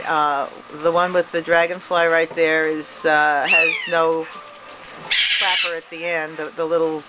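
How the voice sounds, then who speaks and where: Filming from a porch in the rain, a middle-aged woman with a lowish voice talks casually to her pet birds, using sing-song baby talk and laughing often. The handheld camera picks up noisy outdoor audio, including rain and bird sounds.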